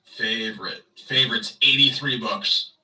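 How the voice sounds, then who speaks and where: A man's voice: medium pitch, unhurried, sharp tone, distant mic, rough recording. A man livestreaming in casual chat, rambling and sarcastic as he talks to his viewers.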